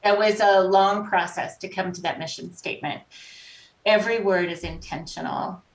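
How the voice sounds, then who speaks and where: A woman guest on a podcast, telling stories in an animated, conversational way and acting out the voices of people she met. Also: mid-range voice, normal speed. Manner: animated, acts out quoted voices. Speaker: podcast guest, life coach. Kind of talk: conversational storytelling. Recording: roomy echo, distant from mic.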